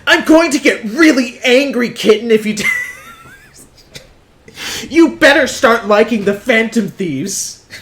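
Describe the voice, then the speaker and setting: A man putting on the voice of a whiny grown man who shouts threats at his runaway girlfriend. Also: very high-pitched, expressive, unhurried, voice pushed up, exaggerated voice. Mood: threatening. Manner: shouty, petulant.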